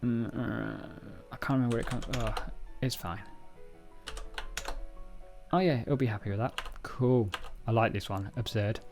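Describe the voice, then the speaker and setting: A man's voice: medium pitch, normal speed, creaky, music in the background. A man casually walking through a programming book on a live stream, rambling, joking at himself and stumbling over words. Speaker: livestreamer reading a programming book. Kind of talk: casual live-coding walkthrough.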